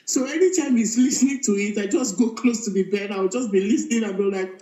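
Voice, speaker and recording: A woman on a phone call played into a hall, so her voice comes through roomy and echoey. Her tone is mellow and warm, and she tells her story in an animated way with frequent laughter. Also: medium pitch, quick pace, few pauses. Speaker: caller. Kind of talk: phone-in testimony. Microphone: phone call played into the room.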